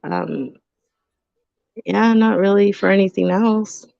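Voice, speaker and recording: A woman co-hosting a live podcast, telling stories in a chatty, animated way full of fillers. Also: mid-range voice, slow pace, vocal fry, no room sound, dull audio. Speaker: podcast co-host. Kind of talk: casual live podcast chat.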